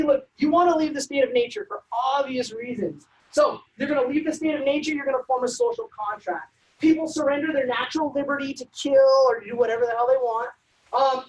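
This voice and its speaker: A woman presenting a civics workshop, lecturing in a brisk, conversational way with frequent ums and uhs. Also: high voice, darkish tone, low-quality recording. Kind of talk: informal lecture.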